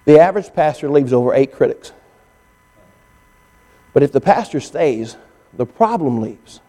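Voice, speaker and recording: A male pastor preaching a sermon, telling stories and acting out what others said to him, often rising to an excited, strained pitch. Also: normal speed. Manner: storytelling preacher, climbing to high excited pitch when quoting others.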